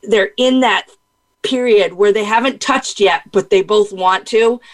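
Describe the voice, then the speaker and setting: A woman hosting a podcast in a casual back-and-forth, her voice at an ordinary middle pitch. She is chatty and playful, and she laughs easily while tossing in quick asides. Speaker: podcast host.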